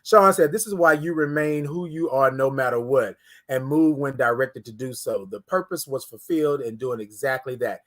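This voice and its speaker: A man hosting a casual morning livestream, telling a story with lively quoted voices and repeated words. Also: medium pitch, moderate pace. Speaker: host.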